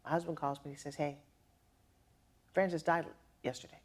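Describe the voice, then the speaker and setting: A middle-aged woman telling personal stories as a motivational speaker, lively and acting out quoted dialogue with laughs. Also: low voice, normal speed. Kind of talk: personal storytelling to an audience.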